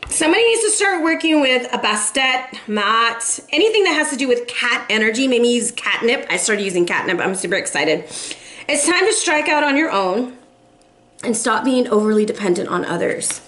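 A woman's voice: high voice, animated, a little fast, fairly bright tone. A woman in her forties giving a casual tarot reading for viewers, earnest and emotional, sighing between messages. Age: 40s. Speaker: tarot reader.

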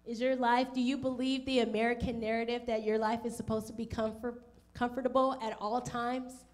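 A woman with a high voice preaches a sermon as pastor. She speaks straight to her listeners with questions. She brings the story to life by putting on the voices of its people. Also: little pitch movement, fairly quick. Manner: direct questions to the congregation.

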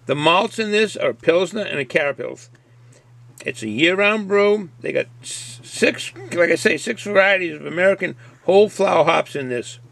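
A man's voice: high voice, lively intonation, moderate pace, gravelly, a bit bright, no room sound. A middle-aged man with a Boston accent chatting casually through a beer review, rambling and folksy and often repeating himself.

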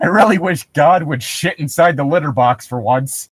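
A man's voice: fairly high pitch, moderate pace, slight background noise. A man co-hosting a casual podcast, joking, laughing often and reading excerpts aloud. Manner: jokey, laughs a lot, reads excerpts aloud. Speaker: podcast co-host.

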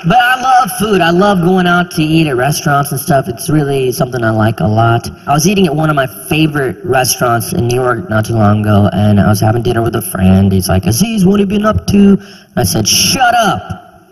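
A man in his twenties performing a stand-up comedy routine, animated and incredulous, sometimes bursting into shouts, on a handheld mic on a theater stage. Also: mid-range voice, brisk, slight background noise. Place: theater stage before a live audience. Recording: reverberant live hall, faint ambience.

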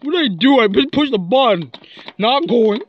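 Teasing woman with lively pitch. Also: moderate pace. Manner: teasing, goofs with silly chanted noises. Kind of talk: playful banter over toys. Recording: muffled lo-fi with faint hiss.

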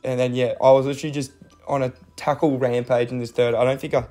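A man's voice: medium pitch, level tone, fast talker, mellow, faint music behind. A young man with an Australian accent talks casually over his own game footage, mixing coaching tips with self-deprecating asides and many fillers.

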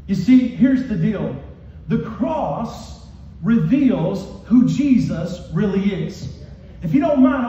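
A pastor delivers an impassioned sermon in a high-pitched, dark-toned voice, calling out to the congregation in call-and-response as he goes. He is in a church hall with the congregation present. The recording is echoey, distant and muffled, with a little hiss or hum.

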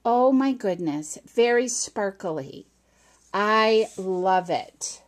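A middle-aged woman vlogger opening a package on camera, chatting casually and gushing with excitement. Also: mid-range voice, very slow. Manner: gushing and excitable, with squeals of delight. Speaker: crafting vlogger. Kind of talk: casual unboxing chat to camera.

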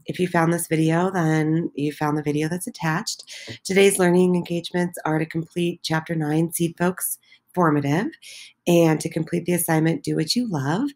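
Low gravelly-voiced woman teacher. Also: a little mellow. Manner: encouraging, many filler ums. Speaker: middle school teacher. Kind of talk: recorded class walkthrough.

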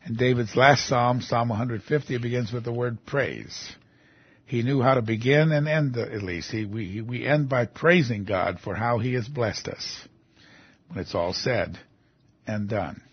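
A man's voice: medium pitch, measured pace, husky, dry recording, highs cut off. A man preaching a sermon, reading scripture aloud and rising into emphatic outbursts.

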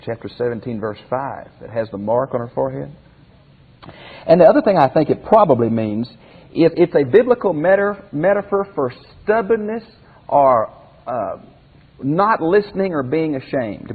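A man's voice: medium pitch, husky. Folksy male Bible teacher, tinny hall. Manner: folksy, asks rhetorical questions. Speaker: pastor teacher. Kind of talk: Bible commentary lesson.

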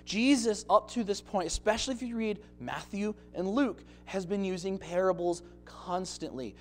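Man, pastor, sermon, high-pitched voice, expressive preaching. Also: moderate pace, hardly any pauses, slight background noise. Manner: expressive preaching with acted-out scenes.

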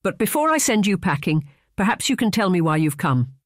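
A man voicing a frail, sharp-tempered elderly aunt in an audiobook, in a high, snappish voice. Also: big pitch swings, fairly quick, no room sound, studio quality. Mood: snapping. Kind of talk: audiobook character reading.

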